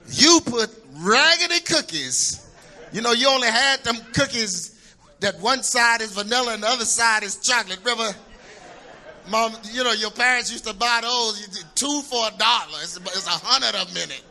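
High, bright-voiced preacher man. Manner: animated, shouts for emphasis, humorous storytelling. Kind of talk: sermon.

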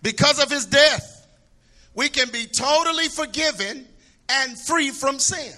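A middle-aged man preaching a sermon, animated and humorous, shouting for emphasis as he tells stories. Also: extremely high pitch, measured pace.

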